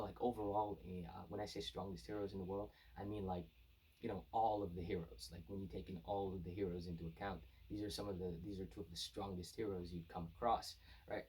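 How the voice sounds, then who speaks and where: A man's voice: fairly low pitch, mellow, slightly rough. A man giving a casual, rambling manga chapter review, full of fillers and restarts. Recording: voice distant from the mic.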